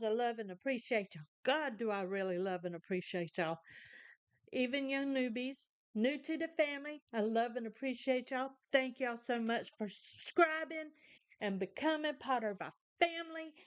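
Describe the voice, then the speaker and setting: A woman's voice: high voice, smooth. An older woman, chatting casually to her viewers in an eating vlog, saying y'all a lot. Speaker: mukbang vlogger. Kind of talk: casual chat to camera.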